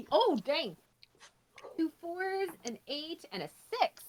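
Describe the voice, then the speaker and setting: A woman's voice: high voice, sing-song, takes it slowly, noisy background. A woman playing a tabletop game, bubbly and questioning in casual chat. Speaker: player.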